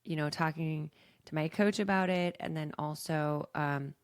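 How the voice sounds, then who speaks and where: A woman's voice: low-pitched, fairly even intonation, measured pace, clear, resonant tone, no room sound, studio quality. A young adult woman hosting a podcast, talking casually and reflectively as a coach, with many fillers. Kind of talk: reflective personal talk.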